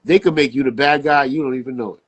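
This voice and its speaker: A man chatting on a podcast, his voice slightly husky. He tells his stories with lots of street slang. When he quotes people, his pitch jumps up. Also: quick pace, highs cut off. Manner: animated storyteller, jumps high acting out quotes, casual slang. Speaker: podcast guest, barber. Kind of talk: casual podcast chat.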